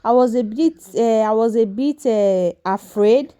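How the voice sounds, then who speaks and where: A woman vlogging as a mother from a hospital room. She talks casually to viewers and soothes her son softly, repeating reassurances. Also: on the high side, measured pace, low-quality recording. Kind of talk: casual vlog chat.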